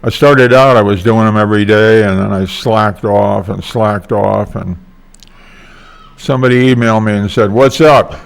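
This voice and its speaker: A man's voice: lowish voice, steady tone, moderate pace, creaky. An older man talking in a casual vlog monologue, meandering and hesitant with many fillers. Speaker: vlogger.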